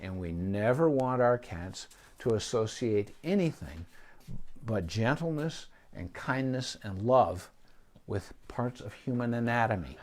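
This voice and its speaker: A middle-aged man talks through pet care as a veterinarian, unscripted and easygoing. He pauses on fillers and restarts his sentences often. His pitch sits in an ordinary middle range for a man. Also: expressive, a little mellow. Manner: conversational, with frequent ums and restarts. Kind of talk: unscripted advice talk.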